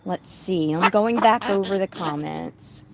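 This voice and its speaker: Slow-talking woman chatting to her viewers. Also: medium pitch, vocal fry, a crowd in the background. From Tennessee. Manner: soothing a noisy bird between chatty asides. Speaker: vlogger with a pet cockatoo. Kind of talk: casual chat while reading comments. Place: outdoors at home with birds and dogs nearby. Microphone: handheld phone.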